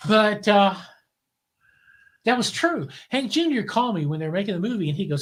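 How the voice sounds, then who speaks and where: An older man, a guest in a casual interview, telling relaxed, wry stories and often restarting his phrases. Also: high-pitched, brisk. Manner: relaxed anecdotal storyteller, wry and cynical, repeats words as he restarts.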